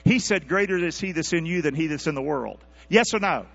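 A pastor preaching in a church, his voice sitting a little high for a man. He keeps pressing the room for answers, building from hushed stretches to loud peaks. The recording is dull and lo-fi, with a low mains hum under it. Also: brisk, creaky. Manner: calls for congregation responses, animated rising delivery. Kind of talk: sermon. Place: church sanctuary.

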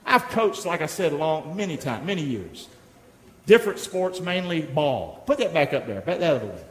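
Middle-aged male pastor, high bright voice, lively call-and-response sermon, echoey church hall. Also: moderate pace. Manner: exhorting, call-and-response with congregation. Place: church sanctuary. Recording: echoey hall, long reverb.

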